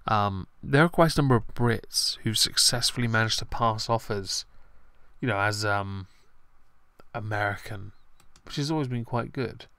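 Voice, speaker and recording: A man hosts a casual stream chat, joking and sardonic. His voice is smooth and crisp. It is recorded dry, with no room sound. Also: lowish voice, moderate pace, sharp tone, no echo. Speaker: stream host.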